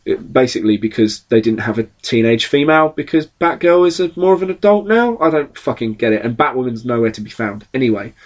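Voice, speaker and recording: A man hosting a podcast, chatting casually about comic books, animated and swearing often as he acts out characters' lines. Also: medium pitch, fast talker, hardly any pauses. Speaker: podcast host. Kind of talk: casual comic book chat.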